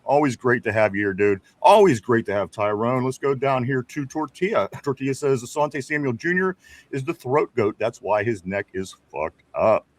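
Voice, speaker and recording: A man's voice: medium pitch, animated, moderate pace, dry recording. A man hosting a casual sports talk show, reading viewer comments aloud with frequent chuckles and repeated words. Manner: chatty, stumbles and repeats words, chuckles often.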